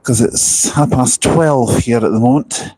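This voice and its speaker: A man's voice: mid-range voice, unhurried, warm tone, slightly rough, rough recording. Earnest man vlogging at a bus station. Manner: earnest, chatty, with frequent restarts. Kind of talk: casual live-stream chat. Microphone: handheld wireless mic.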